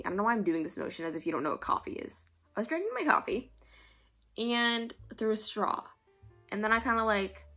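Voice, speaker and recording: A young woman from New York talks to the camera in a loose, rambling vlog, circling her point with likes and self-aware asides. Her voice is soft and breathy, and faint music sits underneath. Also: mid-range voice. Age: young adult. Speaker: vlogger. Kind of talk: rambling casual vlog chat.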